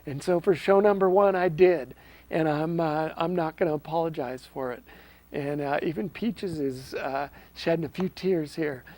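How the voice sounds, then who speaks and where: Seorang pria memandu acara TV komunitas lokal, berbicara santai tanpa naskah, dengan nada sungguh-sungguh dan banyak "um" serta ulangan kata. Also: male voice, a little high, moderate pace, a little mellow, no echo. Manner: earnest, with frequent ums and restarts. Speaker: host of a local access TV show. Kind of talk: casual unscripted talk to camera.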